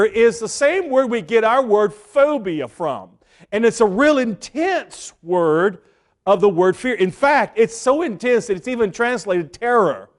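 A man preaching a sermon, earnest, pausing and repeating words as he builds his points and acts out the quotes. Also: high-pitched.

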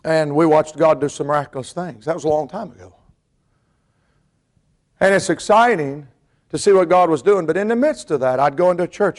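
A middle-aged man from the mountains of North Carolina, preaching a sermon and telling stories, dropping quiet and then hollering. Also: a little high, brisk. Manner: storytelling, swings from quiet to hollering. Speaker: pastor and missionary.

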